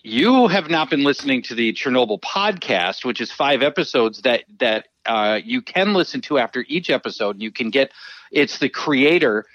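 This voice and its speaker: A man on a podcast chats eagerly, his pitch bouncing up and down as he talks. The mic sounds a bit dull and muffled, and the room is dry. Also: animated, moderate pace, fairly bright tone, no room sound. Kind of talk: casual chat.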